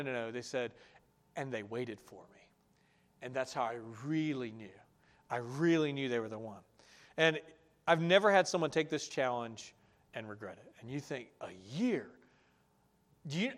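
Male pastor, high voice, sermon, animated, mimics objections, soft earnest asides. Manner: animated, acts out listeners' objections in raised voices; drops to soft, low earnest tone for reassurance.

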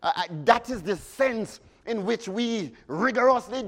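A man preaching a sermon, chanting hymn lines and swinging between shouts and hushed words. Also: very high voice, expressive, unhurried, hardly any pauses. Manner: fervent, rises to sudden shouts and drops to hushes.

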